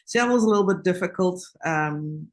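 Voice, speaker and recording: A woman telling stories as a radio guest, chatty and quick to laugh, with many fillers. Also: fairly low pitch. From South Africa. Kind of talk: casual radio anecdote.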